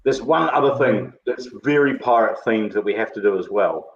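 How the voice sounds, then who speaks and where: Male webinar host, low voice, loose rambling delivery, muffled lo-fi stream audio. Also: moderate pace, a little hiss or hum. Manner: rambling, many filler words. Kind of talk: casual webinar chat.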